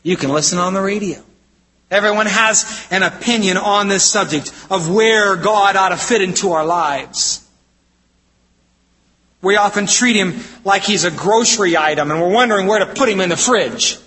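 A man preaching a sermon from the United States, in an emphatic style that swings between loud exclamations and low, intense statements. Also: normal speed, husky. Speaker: pastor. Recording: hall reverb.

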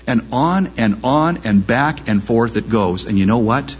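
A man's voice: mid-range voice, expressive, measured pace, few pauses, breathy edge, dull audio. A man preaching a sermon, impassioned, firing off rhetorical questions and pushing his voice up sharply on exclamations. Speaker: pastor.

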